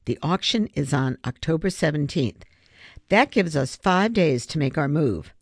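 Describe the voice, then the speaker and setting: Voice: mid-range voice, animated, unhurried, no echo, studio quality. An audiobook reader voicing a determined schoolboy who leads a heist crew, talking in an intense, commanding way. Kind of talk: audiobook character voice.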